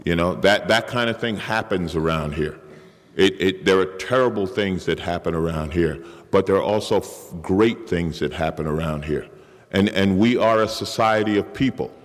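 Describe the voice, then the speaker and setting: Deep-voiced man sharing his recovery story. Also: moderate pace. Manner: candid, self-mocking, acts out inner voice. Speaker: speaker sharing at a recovery meeting. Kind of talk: personal recovery share. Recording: long reverb of a hall.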